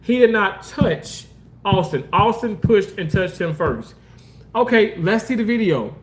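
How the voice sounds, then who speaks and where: A man hosting a casual livestream, reading comments and talking loosely, swearing often and jumping into exaggerated mock voices. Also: normal speed. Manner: animated, swearing, swings into high mock voices. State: homeless, says so. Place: outdoors park.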